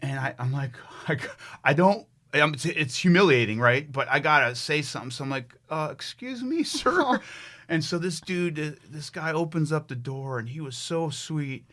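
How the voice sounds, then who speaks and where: A man's voice: a little high, normal speed, pushed and bright. A middle-aged man from the United States, a fitness trainer who is a guest on a podcast. He tells a story animatedly and emphatically, with many restarts. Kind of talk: conversational storytelling.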